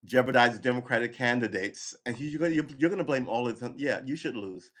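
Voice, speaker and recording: A man's voice: mid-range voice, normal speed. A man giving live political commentary, angry and sarcastic, swearing, reading news aloud and cutting in with remarks.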